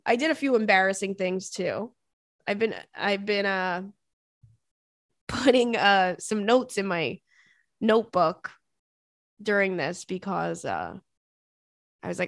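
A woman podcast host telling a story in a loose, chatty way, often breaking into laughter and swearing without a second thought. Her voice sits close to the mic in a dry room with no echo. She keeps talking straight to the listener like a friend. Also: medium pitch. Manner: animated, laughs often, swears freely, calls listeners "girl". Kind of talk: casual storytelling chat.

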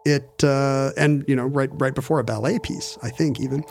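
A man's voice: mid-range voice, fairly even intonation, normal speed, gravelly, a little mellow, slight background noise. A man chatting casually, telling a long story with many restarts and fillers. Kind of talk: casual podcast chat.

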